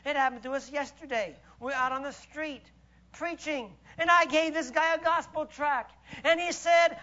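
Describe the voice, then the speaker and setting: A man preaching with a very high, bright, forceful voice. He delivers his sermon with emphatic swings from loud exclamations to hushed asides. The recording sounds dull and lo-fi. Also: steady tone, moderate pace.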